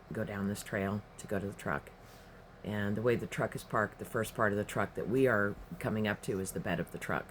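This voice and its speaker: Casting note: man, lowish voice, casual storyteller, rambling and emphatic, faint background hiss. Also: a bit bright. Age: adult, past his teens.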